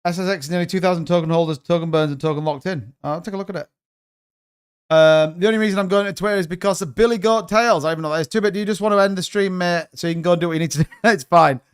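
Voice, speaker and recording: A man's voice: high-pitched, racing, smooth. A man hosting a casual crypto live stream, rambling and thinking aloud with exasperation while he browses charts. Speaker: crypto livestream host.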